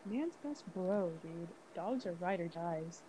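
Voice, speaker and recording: A young woman, a podcast guest, telling a story in casual chat, animated and profane, acting out both sides with quick restarts. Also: lowish voice, a little hiss or hum, rough recording. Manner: animated, profane, acts out dialogue with stutters and restarts.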